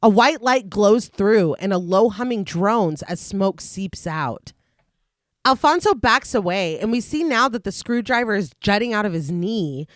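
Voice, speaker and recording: Lively woman recapping a horror film. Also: medium pitch, measured pace, no echo, studio quality. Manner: recaps plot in long lively read-through, laughs often. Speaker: podcast co-host recapping a film. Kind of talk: casual chat and plot narration.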